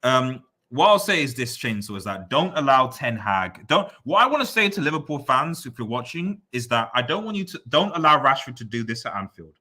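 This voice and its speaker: Reading out comments from his live-stream viewers, a man fires back teasing replies, repeating phrases in an excitable, rambling rant. He talks a little fast in a medium-pitched voice, with hardly any pauses.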